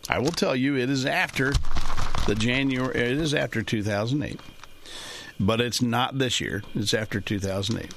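A man's voice: medium pitch, expressive, normal speed, vocal fry, a bit bright, slight background noise. A man in the financial services trade hosting a talk show, rambling in a folksy way with chuckling asides. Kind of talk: casual monologue.

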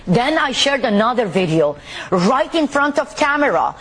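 Indignant high-voiced woman from the Middle East. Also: big pitch swings, moderate pace, breathy edge. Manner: indignant, forceful, pointed. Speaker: activist guest. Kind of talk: televised interview.

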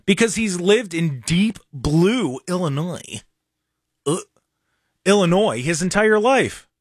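A man's voice: high voice, animated, slow, no room sound, studio quality. A man hosting a radio talk show, talking casually and sarcastically with mocking asides. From Ohio.

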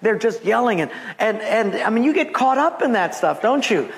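A man preaching as a pastor, telling animated personal stories and acting out the voices of the people in them, laughing often. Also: sits high, moderate pace, gravelly. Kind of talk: sermon with storytelling.

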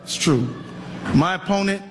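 A man, a politician, speaking conversationally and deliberately to an audience. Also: high voice, expressive. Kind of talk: speech to supporters. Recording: noisy, reverberant hall audio.

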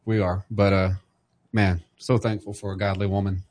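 A middle-aged man hosts a casual podcast conversation about faith, with a lowish voice that barely rises or falls. He speaks in a measured, reflective way. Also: level tone, a little mellow. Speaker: podcast host.

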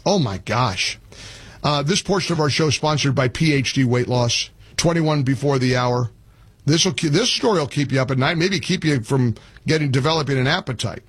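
A man's voice: medium pitch, animated, normal speed, slightly rough, no echo. A man hosting a talk radio show, blunt and sarcastic, taking calls and doing live ad reads.

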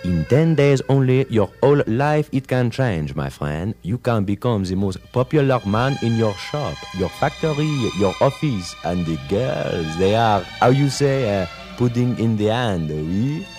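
Cheesy french accent salesman, smooth pushy pitch, comedy ad. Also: animated, a little slow, few pauses, music in the background. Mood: salesy, coaxing. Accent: put-on French. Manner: oily, persuasive sales patter. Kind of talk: comedy radio ad.

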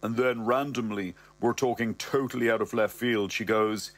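A man's voice: fairly low pitch, fairly even intonation, moderate pace, hardly any pauses. A man narrating a first-person story in a wry, cocky, conversational way.

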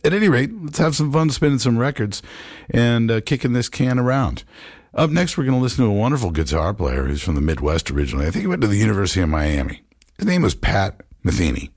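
A man's voice: medium pitch, sing-song, quick pace, a little mellow, no room sound, clean studio sound. A man hosting a jazz radio show, musing in a loose, rambling way with plenty of fillers as he talks about records.

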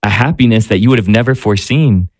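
Male priest guest, low-ish, dry close mic, thoughtful and searching. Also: fast talker, dry recording. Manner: reflective, searching for words, gentle restarts. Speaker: priest, spiritual director. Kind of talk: radio talk show discussion.

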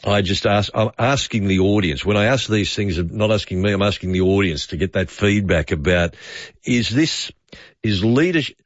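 A man's voice: lowish voice, normal speed, no room sound. A man hosting overnight talkback radio, chatty and rambling as he muses aloud to callers. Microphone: studio microphone. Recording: dull dry studio sound.

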